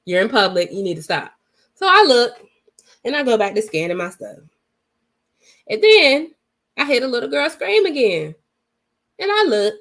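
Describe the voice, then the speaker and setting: A woman's voice: medium pitch, very animated, a little fast. A woman vlogger telling a story in a casual, blunt and emphatic way, swearing freely and retelling it dramatically.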